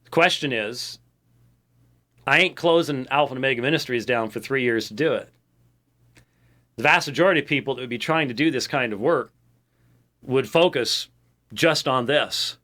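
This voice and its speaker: A man's voice: mid-range voice, moderate pace, long pauses, sharp tone. An American man hosting a ministry program, talking casually and rambling to his audience with frequent fillers and restarts. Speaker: ministry show host. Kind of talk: casual monologue to a show audience.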